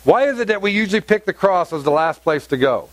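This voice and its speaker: A man with a high voice preaches to his congregation, driving his points home by repeating phrases. He keeps asking the room questions as he goes. His voice is close and dry. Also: expressive, quick pace, dry recording. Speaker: pastor. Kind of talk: sermon. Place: church hall with congregation.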